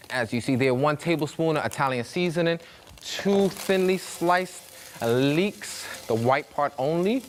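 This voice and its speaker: With a little hiss or hum in the background and a pan sizzling nearby, a mid-range-voiced man from Brooklyn hosts a cooking demo in his native accent. He keeps it conversational and playful, slipping into different voices as he tells stories.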